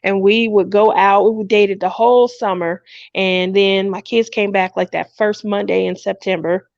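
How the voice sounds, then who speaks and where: A woman in her thirties chatting casually, telling an animated story and acting out quotes in a higher voice, on a dull lo-fi live stream. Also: moderate pace, creaky, no room sound. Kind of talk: casual chat.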